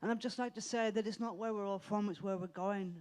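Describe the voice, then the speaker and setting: A man from Ireland, making an earnest, somewhat halting comment from the audience. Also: high-pitched, fairly even intonation, smooth. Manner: earnest, halting, gently reflective. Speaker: audience member.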